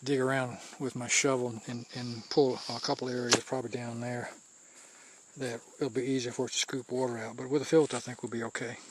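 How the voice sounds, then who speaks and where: A man's voice: medium pitch, level tone, a little fast, very noisy. A man guiding viewers along a mountain trail as he walks, filming handheld in a chatty, loose way, restarting his phrases as he goes. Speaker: hiker scouting a trail. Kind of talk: casual walking commentary to camera.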